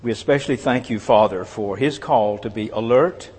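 A man preaching a sermon, earnest and measured, letting his phrases fall away softly at the end. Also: mid-range voice, breathy edge. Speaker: pastor. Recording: long reverb of a large hall.

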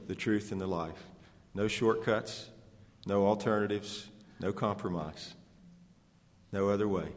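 Earnest male preacher in a reverberant hall. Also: deep voice. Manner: rhetorical questions to the congregation, earnest. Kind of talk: expository sermon.

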